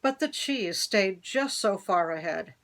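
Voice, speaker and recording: A woman reading a children's picture book aloud in an expressive, storytelling way. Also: mid-range voice. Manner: expressive, slow read-aloud.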